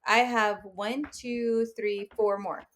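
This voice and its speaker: A woman's voice: mid-range voice, level tone, slow pace, fairly bright tone. A woman co-hosting a podcast and chatting casually about a book. She laughs often as she talks and keeps a chatty, conversational flow. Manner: laughs often while talking. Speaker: podcast co-host.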